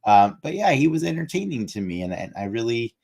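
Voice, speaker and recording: A man co-hosting a podcast, talking through a movie in a rambling, animated way with many restarts. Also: mid-range voice, fairly quick, gravelly. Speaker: podcast co-host. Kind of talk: casual movie discussion.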